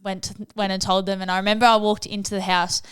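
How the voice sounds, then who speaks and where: A woman's voice: mid-range voice, flat delivery, fast talker, fairly bright tone, smooth, no echo. A woman being interviewed on a podcast, telling a family story in a casual way and acting out the people she quotes. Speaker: podcast guest.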